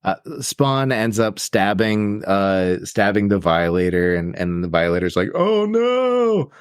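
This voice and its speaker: A low-pitched man rambles through a movie recap, tossing in quick acted-out quotes of the characters. His voice is close and dry, with no room sound. He talks in a loose, casual way. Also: fairly even intonation, clean tone, dry recording. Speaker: podcast co-host.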